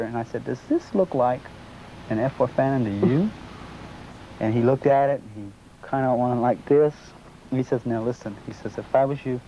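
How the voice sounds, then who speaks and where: A man being interviewed, telling a long personal story in a casual way and acting out the dialogue he remembers. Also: medium pitch. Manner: animated retelling, acts out quoted dialogue. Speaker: interviewee recounting a sighting. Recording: muffled lo-fi recording, faint background noise.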